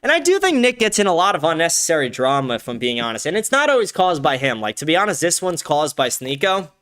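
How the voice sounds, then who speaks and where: Lively, profane young male stream host. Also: on the high side, quick pace, clean tone. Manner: profane, blunt, ranting; animated, bursts of excited shouting. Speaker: livestream show host. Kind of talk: casual livestream commentary. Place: home, with a dog nearby.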